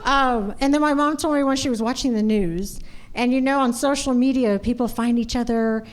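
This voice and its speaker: A woman's voice: on the high side, normal speed. A woman doing a stand-up comedy set on a club stage, telling stories animatedly and imitating her family.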